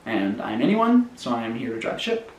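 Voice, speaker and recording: A man's voice: medium pitch, very animated, brisk, reverberant, a little hiss or hum, natural voice, poor audio. A man voicing a naive, hopeful male donut who wants to drive a ship, speaking in a raised, eager voice. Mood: pleading.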